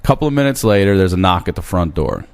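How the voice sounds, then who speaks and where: Deep-voiced man telling a story. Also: fast talker, clean tone. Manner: animated, acts out quotes, swears freely. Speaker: podcast guest telling a story. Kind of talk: casual storytelling chat.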